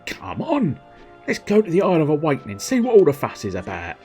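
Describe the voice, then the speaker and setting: A man voicing an excitable young male miner sidekick, eager and pleading. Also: fairly high pitch, a little fast, faint music behind, pitched above the performer's own voice.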